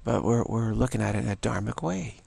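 A man's voice: on the low side, animated, brisk, gravelly, darkish tone, breathy edge, no echo. A man giving a meandering, informal dharma talk as a spiritual teacher, often repeating phrases like a chant.

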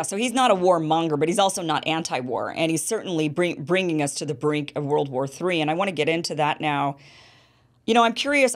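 A woman hosts a political interview with a somewhat low voice. She talks in an animated way and keeps pressing with rhetorical questions. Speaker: show host.

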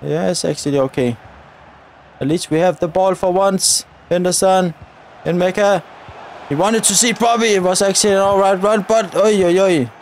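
Excitable high-voiced man commentating gameplay. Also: moderate pace, a little hiss or hum. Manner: excitable, shouts at players and referee. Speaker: gaming YouTuber.

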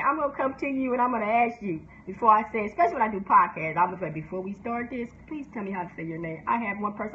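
A high-voiced woman talks casually and candidly, laughing often and briefly putting on other people's voices. Her advice comes across as frank and lively. The sound is a little dull, with a faint hiss behind it. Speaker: book promotion specialist and host. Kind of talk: casual advice talk, live stream. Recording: slightly dull sound with faint background noise.

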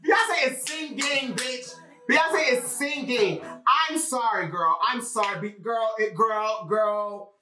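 A man giving loud, sassy, profane reaction commentary on music. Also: very high voice, takes it slowly, distant mic, crowd noise. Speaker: pop culture commentator. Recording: echoey room, off-mic, faint music.

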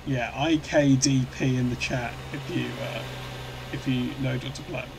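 A man's voice: medium pitch, fairly even intonation, a little slow, gravelly, noisy background. A man streaming a truck game live, answering chat in a rambling, good-humoured way with many restarts.

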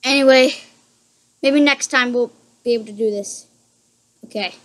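Scared woman gamer at home, high voice, jumpy and apologetic. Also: moderate pace. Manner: jumpy, apologetic and easily frightened. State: frightened. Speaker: gaming channel host. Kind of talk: horror game commentary. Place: room at home, indoors.

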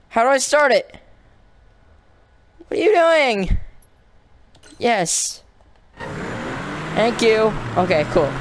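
An unhurried, drawn-out voice narrates a racing game as they play, swinging from frustrated yelps to grumbling asides. The pitch sits mid-range for the speaker. Loud car engine noise from the game runs under everything. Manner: excitable, swings between frustrated outbursts and muttering. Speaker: gaming channel host. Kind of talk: casual gameplay commentary. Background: car engine and race sounds from the game.

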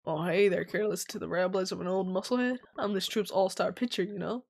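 A woman voicing a boastful, brawny middle-aged male circus pitcher who talks in a swaggering, self-important way. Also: fairly even intonation, quick pace, gravelly, a little mellow, husky.

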